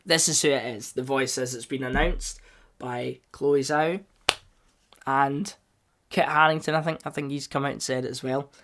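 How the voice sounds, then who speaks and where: A man hosting a solo podcast, rambling casually and bursting into loud enthusiasm. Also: mid-range voice, fairly even intonation, moderate pace, a little hiss or hum. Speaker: podcast host.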